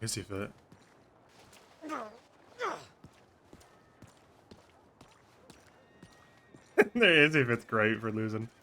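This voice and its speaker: A man's voice: mid-range voice, huge pitch swings, drawn-out words, pauses often, bright, forceful tone, a little hiss or hum. A man streaming a role-play game, chatting casually with viewers, thinking aloud and swearing freely. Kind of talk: casual out-of-character chat with viewers.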